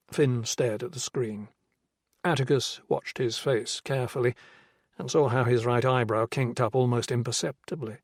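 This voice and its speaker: A man narrating a crime novel audiobook in a measured, even storytelling voice. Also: mid-range voice, dry recording, clean studio sound. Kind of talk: scripted narration.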